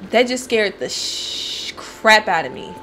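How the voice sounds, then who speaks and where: A woman's voice: medium pitch, expressive, takes it slowly, pushed and bright, slight background noise. A woman streaming gameplay, talking casually, swearing and yelping when startled. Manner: jumpy, swears and yelps in fright. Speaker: gaming streamer.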